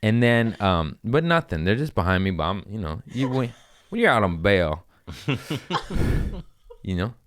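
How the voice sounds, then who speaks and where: A young man telling a wild story in casual podcast chat, swearing freely and jumping into high voices when he quotes people. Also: measured pace, pauses often, clear, resonant tone, no room sound. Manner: animated, acts out quotes with sudden pitch jumps, swears freely.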